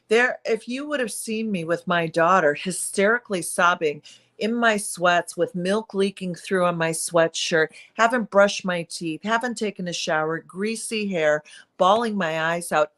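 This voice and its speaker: A middle-aged woman with a lowish voice talks openly in an interview. Her delivery is earnest and confessional, and she leans into emphatic, pleading phrases when she urges listeners to act. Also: fairly bright tone. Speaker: guest, perinatal mood disorder speaker. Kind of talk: candid interview conversation.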